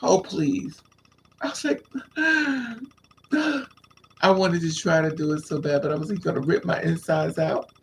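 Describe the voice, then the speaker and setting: A man telling a raunchy story to his live chat in a flamboyant, sassy way, laughing and squealing up high. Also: steady tone, fairly quick, gravelly, hardly any pauses, a little hiss or hum. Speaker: live stream host.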